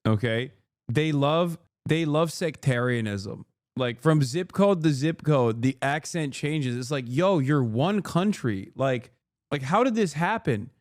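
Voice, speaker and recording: A man streaming and reacting to a video in casual commentary, loud, profane and incredulous. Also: a little high, animated, unhurried, no room sound, studio quality.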